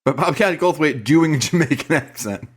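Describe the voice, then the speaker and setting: A man co-hosting a podcast who chats casually, with joking and expressive reactions. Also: a little high, normal speed, slightly rough. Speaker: podcast co-host. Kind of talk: casual chat.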